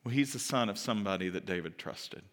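A man preaching a sermon as a pastor, telling stories with animated delivery and acting out the people in them. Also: on the low side, fast talker, in a large hall. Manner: animated storytelling, acting out quoted voices. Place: church sanctuary.

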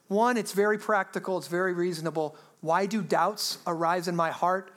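A woman pastor preaching a sermon in a lively, humorous way, asking her listeners rhetorical questions. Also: fairly low pitch, normal speed, few pauses.

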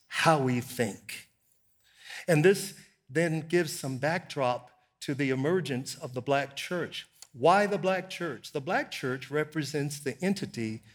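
A man in his sixties, a bishop giving a measured, emphatic sermon-style teaching talk at a live church event. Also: mid-range voice. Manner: measured and emphatic, stressing key words.

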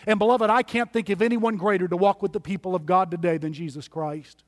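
A man's voice: high-pitched, steady tone, normal speed, few pauses, big-room sound. A man preaching a sermon as pastor, emphatic and building through repeated lists.

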